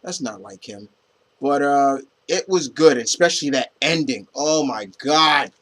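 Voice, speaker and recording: A man's voice: mid-range voice, animated, a little slow, fairly bright tone. Rambling young man reviewing comics. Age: young adult. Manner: rambling, many fillers and restarts, swears casually. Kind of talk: casual spoken review.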